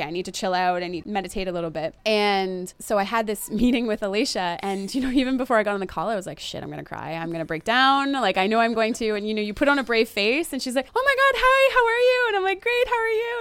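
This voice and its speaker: A woman around thirty chats openly about a personal experience. She tells it in a lively, animated way. Her voice sits in a middle pitch, and it leaps upward when she acts out what people said. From Canada. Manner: animated storytelling, acting out quotes in a high voice, frequent "like" and "you know". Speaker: vlogger talking about moving abroad. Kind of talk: candid casual chat.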